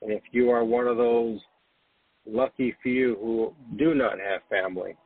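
A man hosting a late-night spiritual podcast, gently reassuring listeners and guiding them to breathe and relax. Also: mid-range voice, fairly even intonation, measured pace, breathy edge, no room sound. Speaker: podcast host. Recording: dry, phone-like narrow sound.

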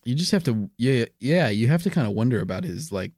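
A man's voice: medium pitch, sing-song, fairly quick, a little mellow, no room sound, clean studio sound. A man co-hosting a podcast in casual comedic chat, joking and laughing along. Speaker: podcast co-host.

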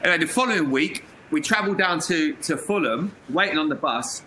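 A man, a former footballer, telling lively anecdotes as an interview guest, laughing and acting out quotes. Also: on the high side, fairly quick, slight background noise, rough recording. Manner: lively, laughs mid-story, acts out quotes.

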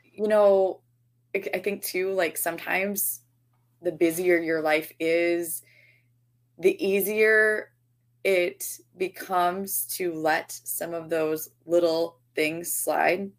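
A woman co-hosting a casual chat, relaxed and reflective as she tells a family story. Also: on the low side, slow. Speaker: podcast co-host.

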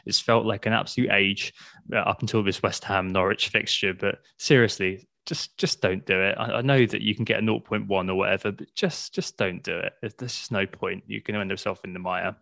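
A man's voice: on the low side, fairly even intonation, brisk, creaky, sharp tone, no room sound, clean studio sound. A man hosting a podcast, chatty, jokey and emphatic. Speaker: podcast host. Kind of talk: casual podcast chat.

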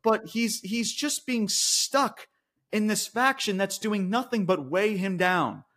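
A man's voice: high-pitched, slow. Ranting, swearing man reviewing wrestling. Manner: profane, ranting, swings from loud outbursts to mutters. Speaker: podcast co-host. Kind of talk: casual wrestling review chat.

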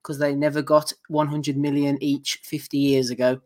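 A man's voice: a little high, little pitch movement, moderate pace, darkish tone. A man hosting a boxing podcast, reading out listener messages with a dry, wry delivery. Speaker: podcast host.

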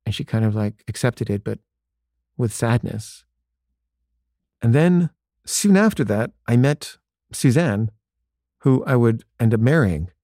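A man's voice: mid-range voice, lively intonation, unhurried, long pauses, warm tone, no echo, clean studio sound. A man telling a personal story in a loose conversational way, full of "like" fillers and acted-out bits of dialogue. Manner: conversational, frequent "like" fillers, acts out quoted dialogue.

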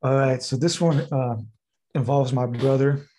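A man's voice: medium pitch, steady tone, a little slow, mellow, a little hiss or hum. A man, a guest on a talk show, casually telling a long personal story, rambling with lots of "like" and "uh" fillers. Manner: rambling, heavy use of fillers like "like" and "uh". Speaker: podcast guest.

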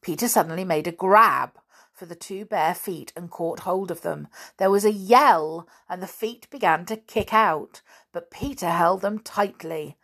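Woman reading a kids book out loud, slow and measured, bit of vocal fry. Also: on the low side. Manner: measured storytelling. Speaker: reader. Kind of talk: reading a children's book aloud.

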